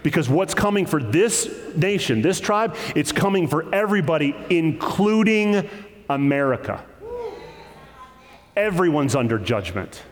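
A male pastor preaching a sermon, animated, acting out the quoted voices with sudden leaps in pitch. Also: unhurried. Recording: long hall reverb.

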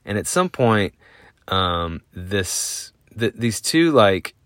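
Podcast host, a man with a very deep voice, rambling through a casual story. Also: very animated, takes it slowly, fairly bright tone, clear, resonant tone, dry recording. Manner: rambling, lots of fillers, chuckling.

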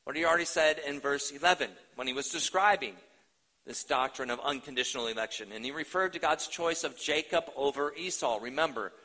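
A man's voice: fairly high pitch, brisk, sharp tone, low-quality recording. A male pastor preaching a sermon, emphatic and repeating key phrases for weight, addressing the congregation directly.

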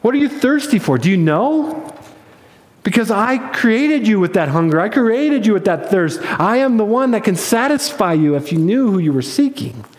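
A man voicing Jesus, asking soft, probing questions in a gentle manner. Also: high voice, very animated, normal speed. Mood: tender. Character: Jesus, gentle, searching, tender. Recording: echoey hall with long reverb.

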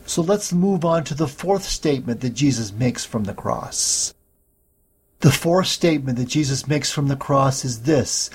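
A man preaching a sermon, teaching slowly and steadily through Bible passages. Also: mid-range voice, lively intonation, slightly rough. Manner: slow, measured Bible teaching with scripture readings.

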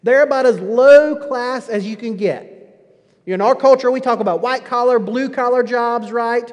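A man preaching a sermon, emphatic and full of rhetorical questions, often dropping low at the ends of phrases. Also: normal speed. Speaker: pastor. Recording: long hall reverb.

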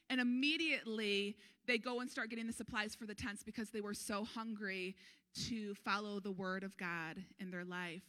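A woman pastor preaching a sermon, earnest and animated, urging her congregation on. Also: normal speed. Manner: animated, acts out crowd voices with sudden high pitch.

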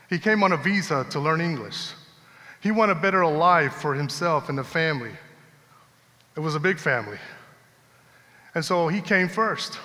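Animated preacher in an echoing hall. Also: male voice, fairly high pitch. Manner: conversational, animated storytelling with laughs. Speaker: pastor. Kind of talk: sermon with personal storytelling. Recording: long hall reverb.

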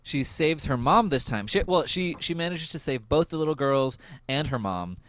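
A young man hosting a podcast, recapping an episode in casual chat, laughing often and filling pauses with "um" and "like". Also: fairly high pitch. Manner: laughs often, goofy and animated, lots of fillers. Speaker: podcast host.

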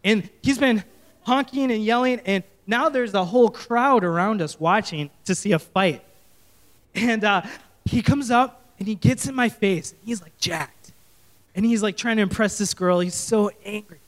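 A male pastor preaching and telling a story, animated and often correcting himself. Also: high voice, moderate pace. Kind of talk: sermon storytelling.

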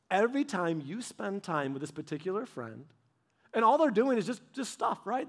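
A man with a notably high speaking voice delivers a sermon. His style is conversational and anecdotal, and he often turns to address his listeners directly. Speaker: pastor.

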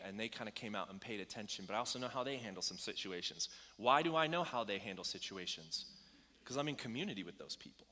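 A man's voice: medium pitch, bright, forceful tone. A man preaching a sermon to a congregation in a church hall, telling a story in a casual, conversational way with ums and likes. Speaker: pastor. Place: church hall with about ninety people.

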